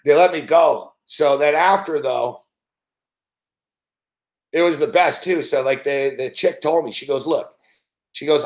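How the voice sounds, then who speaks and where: A man's voice: mid-range voice, measured pace. A man hosting a show, telling a rambling, profane story in casual chat and laughing often. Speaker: show host.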